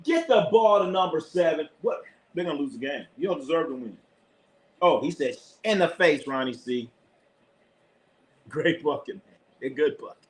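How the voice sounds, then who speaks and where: A man giving live play-by-play commentary in a casual sports chat, excitable, shouting at players and swearing casually. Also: a little high, fairly quick, poor audio.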